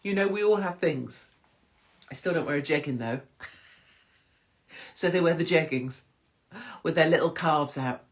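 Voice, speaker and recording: A woman's voice: low voice, measured pace, pauses often. A woman hosting a casual livestream chat, cheeky and self-mocking, laughing often. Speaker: livestream host.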